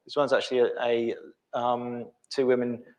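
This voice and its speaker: A middle-aged man presenting a live software demo, thinking aloud with many ums and restarts. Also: mid-range voice, flat delivery, moderate pace.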